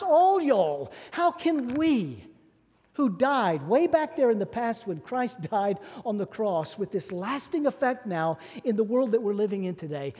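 A man preaching a sermon, emphatic, shifting from loud declarations to low asides and chuckling now and then. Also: breathy edge. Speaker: pastor. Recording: long reverb of a church hall.

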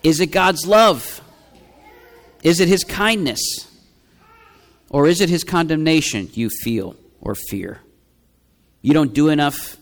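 A man's voice: a little high, lively intonation, slow pace, long pauses, a bit bright, in a large hall. A man preaching a sermon as a pastor, earnest and rhetorical, driving points home by repeating lines.

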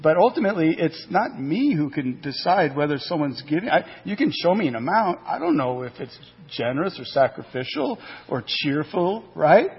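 A male pastor preaching a sermon, animated, with rhetorical questions and acted-out asides. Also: fairly high pitch, normal speed, hardly any pauses, breathy edge. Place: church sanctuary. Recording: muffled church hall recording with long reverb.

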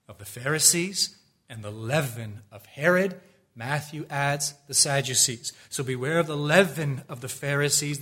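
A man preaching a sermon, asking his listeners rhetorical questions and moving between low, quiet asides and loud, emphatic exhortations.

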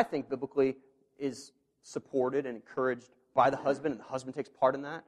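A man preaching a sermon as pastor, earnest and conversational, swinging between quiet, intimate asides and loud, emphatic passages. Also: medium pitch, level tone, a little fast. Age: parent of children. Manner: earnest, with conversational fillers and restarts.

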